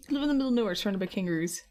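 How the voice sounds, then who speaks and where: A woman's voice: medium pitch, animated, racing, a little mellow, slight background noise. Woman streaming her painting, joking around with chat, bit of a cough, voice bounces all over. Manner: playful, teasing, laughs often. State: slight cough. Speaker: art streamer. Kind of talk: casual chat with live stream viewers while painting.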